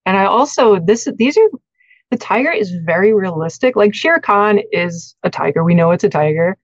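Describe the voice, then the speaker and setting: A woman's voice: medium pitch, lively intonation, normal speed, no echo. A woman co-hosting a podcast in a casual interview, gushing with enthusiasm. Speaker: podcast co-host. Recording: dull dry lo-fi mic.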